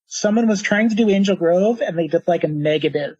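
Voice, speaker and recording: A man's voice: sits high, a little fast, a little mellow, slightly rough, no echo, muffled recording. A man narrating as game master, rambling loosely with lots of fillers.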